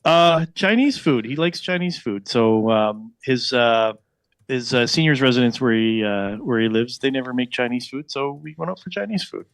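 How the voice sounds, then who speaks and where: Middle-aged male caller, halting and repetitive, dry sound. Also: medium pitch, lively intonation, dry recording. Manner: halting, repeats words while starting sentences. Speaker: show regular calling in. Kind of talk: casual chat.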